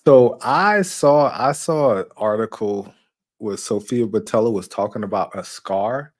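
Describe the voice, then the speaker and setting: A man's voice: lowish voice, normal speed. A man talking as a guest on a casual live movie chat, rambling with many fillers and restarts.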